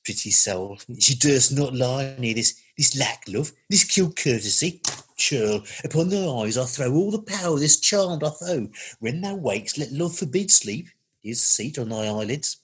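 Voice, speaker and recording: A man reciting verse as a mischievous male fairy servant, in a put-on Birmingham accent, slow and sing-song. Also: medium pitch, animated, breathy edge. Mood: playful.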